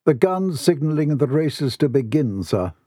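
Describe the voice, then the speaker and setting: A man's voice: fairly high pitch, sing-song, measured pace, warm tone, slightly rough, dry recording, full character voice. A man doing an austere, dry-toned butler. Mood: aloof. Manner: dry, aloof.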